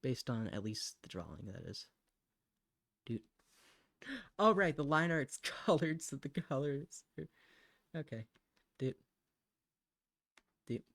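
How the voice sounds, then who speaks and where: A man's voice: mid-range voice, lively intonation, slow, vocal fry, pauses often, fairly bright tone, dry recording. A chatty man talks his way through a live drawing stream in a medium voice. He rambles from thought to thought and breaks into laughs often. His voice sounds dry and close, with no room around it. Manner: mutters to himself while drawing. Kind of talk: casual live-stream chat.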